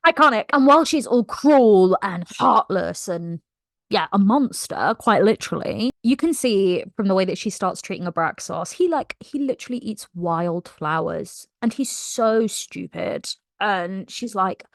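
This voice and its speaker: Young woman, casual book vlogger, animated and slangy, mid pitch, dry close mic. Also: moderate pace, dry recording. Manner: animated, slangy, acts out quotes with swearing.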